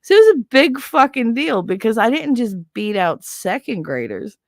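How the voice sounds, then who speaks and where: On a casual show, a woman with a voice on the high side talks at normal speed in a dry, studio-quality recording. As host she spins rambling, animated stories packed with swearing and replies to a viewer's comment.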